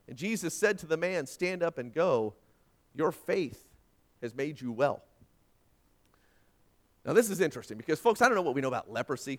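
A man preaching a sermon with folksy asides, swinging dramatically from loud emphasis down to a hushed near-whisper. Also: high-pitched. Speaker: pastor.

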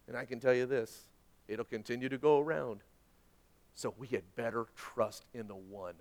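A man preaching a sermon as pastor, earnest and often trailing off softly at the ends of phrases. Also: medium pitch.

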